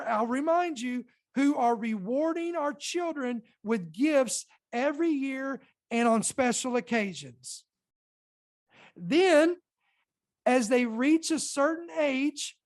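Earnest woman preaching on a podcast. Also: sits high. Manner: earnest, preaching, emphatic slow stresses. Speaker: podcast host. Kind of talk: Christian podcast commentary, partly read aloud. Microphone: podcast microphone.

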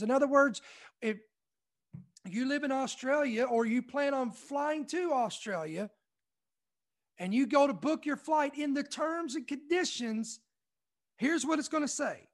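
A young man from Kentucky reading out news items and commenting on them emphatically, often repeating points slowly for effect. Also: very high-pitched. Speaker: online commentary host.

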